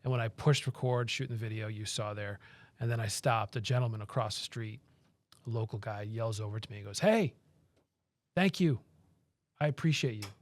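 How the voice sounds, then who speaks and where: A man's voice: fairly low pitch, level tone, a little fast, no echo. A man co-hosting a sports talk show who tells stories plainly and gives blunt opinions. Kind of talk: casual sports chat.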